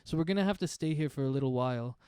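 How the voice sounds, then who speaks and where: A man playing a tabletop game over voice chat, talking in a relaxed, rambling way with many fillers. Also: fairly high pitch, rapid-fire, smooth, no echo, clean studio sound. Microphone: online voice chat mic.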